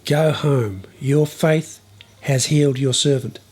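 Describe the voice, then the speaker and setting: A man voicing Jesus as a calm, kind teacher who proclaims gently in a spoken bible story. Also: mid-range voice, slow pace. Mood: warm.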